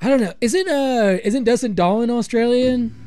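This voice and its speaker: A man's voice: very high-pitched, moderate pace, a little mellow. A man co-hosting a podcast in casual, joking, rambling chat. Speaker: podcast co-host.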